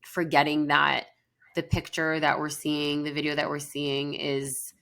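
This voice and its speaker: A woman's voice: deep voice, completely flat delivery, measured pace, fairly bright tone. A woman co-hosting a counseling podcast, talking in an earnest, chatty way with plenty of fillers. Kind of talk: casual podcast conversation.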